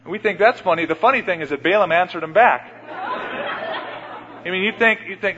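A man preaching a sermon in a church, retelling Bible stories and often changing his loudness. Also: high voice, moderate pace, pauses often, crowd noise, noisy background. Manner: storytelling, acts out Bible scenes with shifts in loudness. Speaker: pastor. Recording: dull radio broadcast with long hall reverb.

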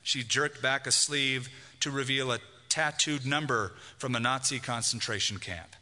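A man's voice: mid-range voice, normal speed, few pauses, bright, forceful tone, in a large hall. A man preaching a sermon as pastor, emphatic and reading a passage aloud.

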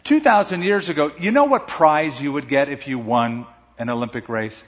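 A fairly high-pitched male voice, moving at a moderate pace, preaches a pastor's sermon with great emphasis. His loudness shifts dramatically as he rises to powerful peaks, heard through the dull, muffled echo of a hall.

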